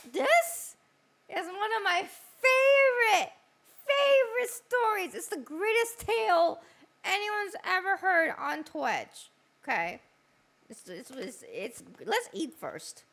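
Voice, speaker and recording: A woman's voice: very high voice, very animated, slow pace, pauses often, fairly bright tone. A young woman hosting a stream, telling a crude story with lots of laughing and swearing. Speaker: streamer host. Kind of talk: casual stream chat.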